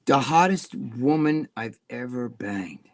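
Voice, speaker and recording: A man's voice: medium pitch, lively intonation, slow. A man chatting as a livestream guest, telling rambling stories and swearing freely. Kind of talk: casual livestream chat.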